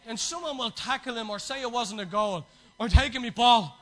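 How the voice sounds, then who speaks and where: A man's voice: very high-pitched, a little fast, pushed and bright, poor audio. A man preaching a sermon to his church, passionate and exhorting, with chatty asides.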